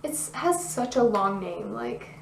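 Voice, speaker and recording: A young woman talking through a makeup tutorial in a chatty, bubbly way, her voice a little hoarse. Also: mid-range voice, big pitch swings, takes it slowly, echoey room, recorded from a distance, a little hiss or hum, rough recording. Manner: chatty, bubbly, self-deprecating asides. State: losing her voice, slightly hoarse. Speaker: beauty vlogger.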